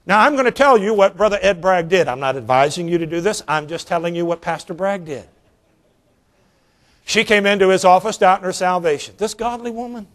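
A man, an evangelist preaching a sermon in a folksy, animated way, drawing out his points. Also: high voice. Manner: folksy, animated, drawn-out emphasis. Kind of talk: sermon with storytelling.

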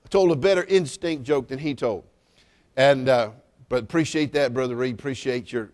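A middle-aged man preaching at a church service, teasing the congregation with jokes and rising to loud exclamations. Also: medium pitch. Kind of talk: sermon with humorous asides.

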